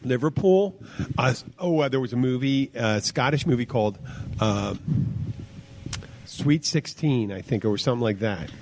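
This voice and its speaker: A man's voice: medium pitch, moderate pace, darkish tone. A middle-aged man, a bartender hosting a podcast, chatting casually and telling rambling stories with many restarts. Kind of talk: casual chat.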